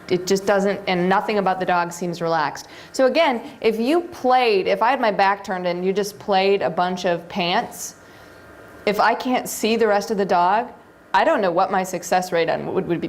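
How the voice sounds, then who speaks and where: A female seminar instructor lectures live to a roomful of people, chatting her way through video clips and quizzing the audience along the way. Her voice is mid-range, with a slight hiss or hum in the recording.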